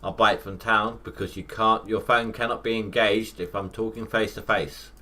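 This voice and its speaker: A man's voice: lowish voice, steady tone, normal speed, pushed and bright. A man in his thirties, rambling through casual live gameplay commentary with self-mocking asides. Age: 30s. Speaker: gaming livestreamer.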